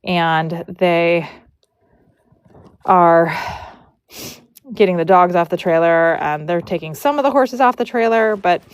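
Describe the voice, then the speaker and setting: A woman's voice: lowish voice, slow pace, pauses often, clear, resonant tone, no room sound. A woman from Michigan, a horse braider, chatting and telling a story casually on a livestream, retelling conversations with animation.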